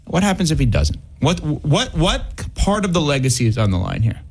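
Guy hosting a sports talk show, kinda high voice, gets excited fast. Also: slightly rough. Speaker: host.

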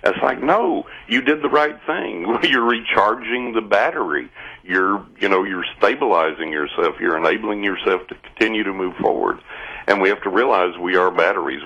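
A man's voice: sits low, sharp tone, breathy edge. A man on a call-in radio show, explaining and reassuring in an earnest way. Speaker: radio show guest expert. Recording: dull radio sound.

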